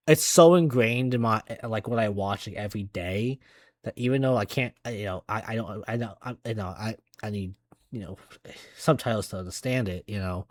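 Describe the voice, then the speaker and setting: A man's voice: medium pitch, no echo. Male gaming reactor, casual and rambling, dry untreated room sound. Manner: rambling, many restarts and "you know".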